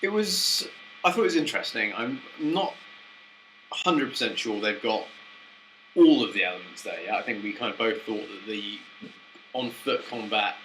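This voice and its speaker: A man co-hosting a podcast in casual chat, easygoing and quick to chime in with agreement. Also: on the low side, a bit bright, slight background noise, rough recording. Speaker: podcast co-host.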